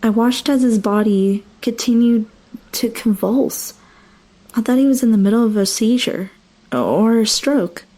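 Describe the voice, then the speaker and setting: A woman's voice: a little high, steady tone, a little slow, mellow. A young woman narrating a first-person horror story with dramatic, emotional delivery.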